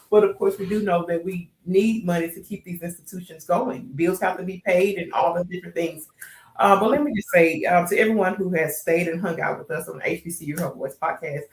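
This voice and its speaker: A woman's voice: lowish voice, fairly quick. Effusive woman podcast host, echoey room. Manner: effusive, emotional, laughs often, slangy. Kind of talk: casual interview chat.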